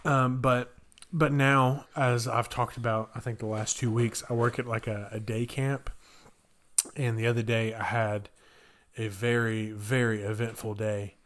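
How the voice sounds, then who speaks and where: A young man on a podcast telling a story the easy way, talk strung together with filler words. He jumps up high when he acts out shouting kids, then drops back to his plain mid-pitched voice. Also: little pitch movement, unhurried. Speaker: podcast co-host. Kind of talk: casual chat.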